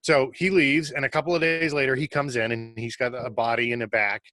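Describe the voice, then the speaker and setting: A man appears as a guest on a video call, telling a casual story in a bright, quick, medium-pitched voice. He's an animated, fast-paced storyteller who says "like" constantly, and the sound is dry and close with no echo.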